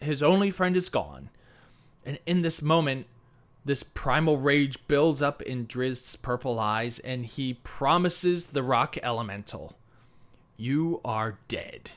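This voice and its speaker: A man's voice: mid-range voice, unhurried, a bit bright. A man co-hosting a book podcast, talking animatedly with lots of fillers and laughter. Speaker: podcast co-host. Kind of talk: casual book discussion.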